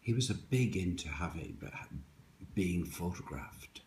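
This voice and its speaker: A man's voice: low voice, expressive, a little slow, darkish tone, a little hiss or hum. A man hosting a live poetry stream from his home kitchen, greeting viewers by name in a rambling, hesitant way. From Ireland. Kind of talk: casual live-stream chat. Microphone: phone.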